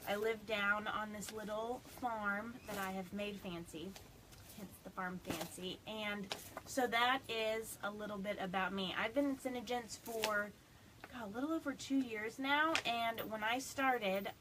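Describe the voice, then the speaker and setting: A woman's voice: medium pitch, unhurried. Woman rambling on a phone livestream, kinda teary, chatty, faint background hiss. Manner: chatty, rambling, fighting back tears. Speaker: direct sales consultant. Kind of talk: casual live stream chat. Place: home on a small farm.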